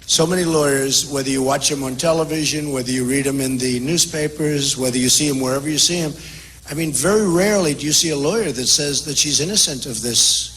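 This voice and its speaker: A man's voice: a little high, fairly quick, a bit bright, slight background noise. An older man running for president, answering audience questions in a rambling, repetitive, boastful way at an indoor town hall. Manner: repetitive, boastful, keeps repeating phrases. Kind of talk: off-the-cuff rally speech.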